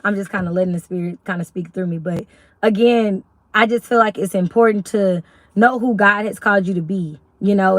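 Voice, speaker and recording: A young woman from Arkansas with a Southern accent, chatting casually and rambling on a live stream as a YouTube host. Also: dry recording. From Little Rock, Arkansas. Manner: chatty, rambling, faith-filled talk with lively pitch jumps.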